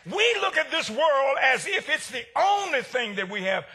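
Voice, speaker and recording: A male pastor preaching a sermon, swinging between shouted lines and hushed ones. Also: very high-pitched, sing-song, normal speed.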